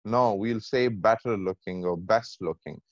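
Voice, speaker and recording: Guy teaching grammar online, slow and repetitive, keeps asking right? okay?, dull dry lo-fi sound. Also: on the low side, dry recording. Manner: slow, repetitive, checks understanding often. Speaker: lecturer.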